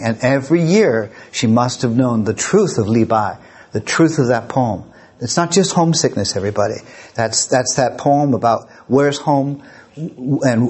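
A man's voice: mid-range voice, darkish tone, breathy edge. A man giving a live lecture and taking audience questions, rambling and repeating his words, openly emotional. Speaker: lecturer and museum director.

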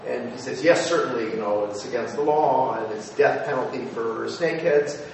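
A man, a former TV news producer, telling anecdotes to an audience, lively and halting with fillers and restarts. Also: mid-range voice, vocal fry. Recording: echoey hall, voice from far off with noise.

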